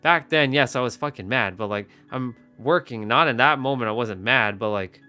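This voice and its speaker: A man's voice: medium pitch, normal speed, pushed and bright, soft background music. A man hosting a live stream, talking casually and rambling with many restarts, speaking to the camera. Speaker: livestream host. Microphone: phone or webcam, facing camera.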